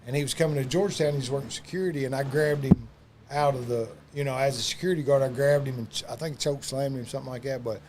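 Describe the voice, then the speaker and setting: A man's voice: medium pitch, steady tone, fast, background noise. A man telling loose, profane wrestling stories in a casual chat, full of fillers and asides. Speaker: wrestling podcast guest.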